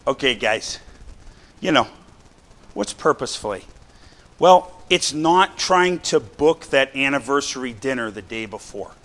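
A middle-aged man preaching a sermon to his congregation, chatty and animated, full of rhetorical questions and asides. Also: medium pitch, a little slow, slight background noise. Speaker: pastor. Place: church sanctuary.

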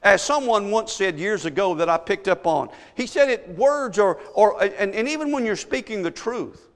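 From the pulpit, a pastor with a high-pitched voice for a man gives an expressive, emphatic sermon at a normal speed. He stacks up rhetorical questions to make his case, and a long reverb fills the church hall.

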